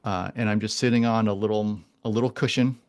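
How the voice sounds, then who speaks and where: A man in his forties speaks with a low, gravelly voice. He talks casually and earnestly as a podcast guest, often stumbling and repeating himself as he works out his point. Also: fairly even intonation, fast talker. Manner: earnest, many restarts and repeated words. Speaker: guest, animal communicator.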